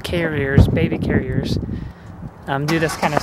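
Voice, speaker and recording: A young man vlogging outdoors on a handheld camera, telling stories in an animated, casual way with laughs. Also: fairly high pitch, a little slow. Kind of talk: casual vlog chat. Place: outdoors on a busy street. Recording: faint street noise outdoors.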